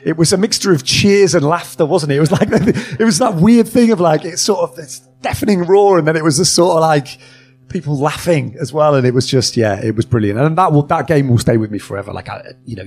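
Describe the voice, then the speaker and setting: A man on a live podcast panel, talking in a relaxed, chatty way and laughing easily. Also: on the high side, brisk. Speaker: football journalist on a podcast panel. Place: comedy club stage before a live audience.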